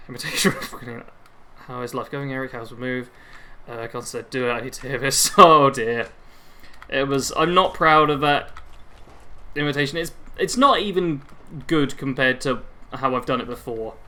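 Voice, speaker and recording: Chatty young man, bright voice. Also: a little high. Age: 20s. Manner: rambling, self-deprecating, reacts to the game mid-sentence. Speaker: gaming livestreamer. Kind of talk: casual chat while playing.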